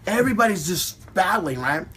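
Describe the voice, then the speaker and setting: A middle-aged man, a dancer, telling stories casually in an animated, excited way and acting out other people's voices. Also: high-pitched, moderate pace, husky. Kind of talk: casual storytelling.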